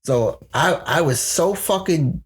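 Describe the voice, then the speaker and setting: A man's voice: a little high, takes it slowly, breathy edge. A young man on a podcast telling a long story in casual chat, cursing freely and acting out other people's lines. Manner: profane, rambling, animated retelling with voiced quotes. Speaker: podcast co-host.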